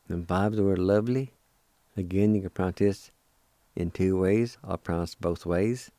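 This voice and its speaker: A man hosting a radio language lesson, spelling and pronouncing each word slowly and patiently, repeating it several times. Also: low voice, dark tone, no echo. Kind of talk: slow spelling and pronunciation lesson.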